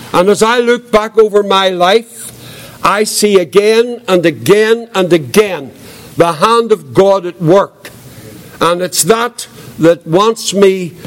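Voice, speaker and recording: Older preacher, high voice. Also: male voice. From Northern Ireland. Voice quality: quiet voice. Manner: earnest, reflective storytelling. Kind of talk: testimony sermon.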